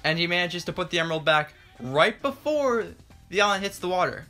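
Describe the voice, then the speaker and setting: Bright, animated young-sounding man reviewing. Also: high voice, fairly quick, faint music behind. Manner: animated, joking, paraphrases characters with a loose "like". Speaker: comic book reviewer. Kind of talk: casual spoken review.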